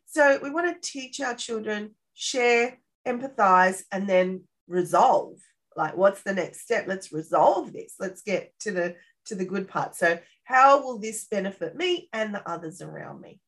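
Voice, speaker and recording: A woman explaining parenting skills in a casual interview, lively and often checking in with tag questions. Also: mid-range voice, unhurried. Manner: animated, acts out parent-child dialogue. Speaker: parenting expert guest.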